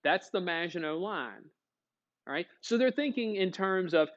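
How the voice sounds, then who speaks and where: A man's voice: high-pitched, lively intonation, normal speed, a bit bright. Guy teaching history class, folksy, keeps asking the kids questions, kinda muffled lo-fi sound. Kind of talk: classroom lecture.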